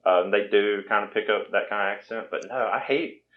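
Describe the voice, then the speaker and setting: A man's voice: on the low side, brisk, narrow, tinny audio. A man in his twenties with a Southern American accent, from Virginia, hosting a casual podcast chat in a rambling, self-deprecating way. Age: 20s. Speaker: podcast host.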